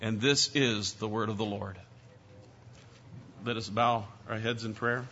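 A man's voice: on the low side, steady tone, a little slow, sharp tone, slight background noise. A man preaching a sermon as pastor, emphatic and full of rhetorical questions. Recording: dull lo-fi church recording.

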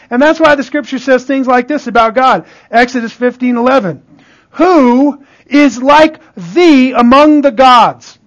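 Very high-voiced preaching man. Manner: call-and-response asides, rising then dropping low. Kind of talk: sermon.

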